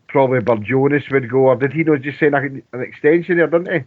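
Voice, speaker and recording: A man's voice: mid-range voice, steady tone. A Scottish man chatting casually about football on a radio phone-in, rambling and restarting his sentences. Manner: rambling, halting with many restarts. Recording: tinny phone line.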